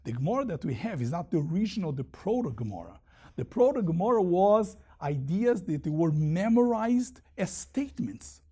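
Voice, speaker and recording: Animated man teaching Talmud. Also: high-pitched, moderate pace, breathy edge. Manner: animated, mixes Aramaic readings with English explanation. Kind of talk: Talmud lesson explanation.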